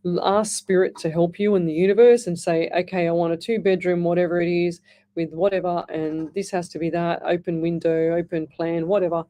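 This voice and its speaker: A woman's voice: on the low side, fairly even intonation, fairly quick, warm tone. A middle-aged woman hosting live radio psychic readings, chatting in a rambling way with frequent restarts. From Australia. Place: radio studio.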